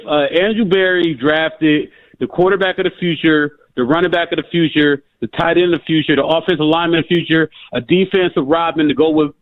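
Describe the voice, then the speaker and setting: Excited male caller, phone line sound, dry, high voice. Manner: hyped, excitable, apologetic fan. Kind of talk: sports talk radio call.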